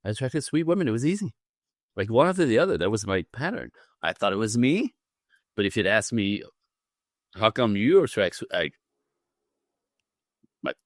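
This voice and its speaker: Animated man telling a story, deep voice. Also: dry recording, studio quality. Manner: animated storyteller, acts out quotes with big pitch jumps, laughs often. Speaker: podcast guest, relationship coach. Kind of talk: storytelling in a casual interview.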